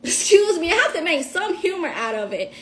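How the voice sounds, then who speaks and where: A woman telling a story on a casual livestream. She is animated and profane, and talks straight to her viewers. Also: very high voice, fairly quick, a little hiss or hum.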